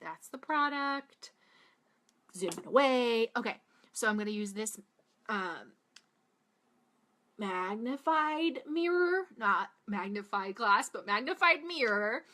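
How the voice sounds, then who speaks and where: A young woman with a Boston-area accent and a bright, forward voice talks through a makeup tutorial. She is casual and chatty, full of "like" and side tangents, and her pitch sits right in the middle. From Massachusetts, USA. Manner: chatty, rambling, frequent "like" and tangents. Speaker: beauty vlogger.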